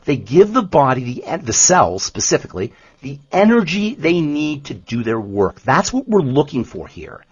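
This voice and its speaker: Homme à la voix voilée, très expressive. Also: male voice, a little high, moderate pace, breathy edge, no room sound, dull audio. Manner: animated, emphatic, repeats himself. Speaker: health podcast co-host, nutrition expert. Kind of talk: casual explanatory podcast talk.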